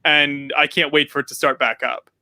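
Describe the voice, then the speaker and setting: American male host, high bright voice, easygoing and stumbling, dry close mic. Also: level tone, normal speed, dry recording. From United States. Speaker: show host. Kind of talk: casual video call chat.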